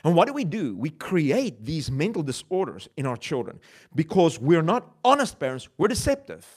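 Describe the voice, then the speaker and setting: A man preaches in a lively, animated voice that swings up and down, a little higher than most men. He talks in a conversational way, asking the congregation questions and poking fun at himself. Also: normal speed, breathy edge. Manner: conversational, with self-mocking laughs. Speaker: pastor. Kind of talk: sermon.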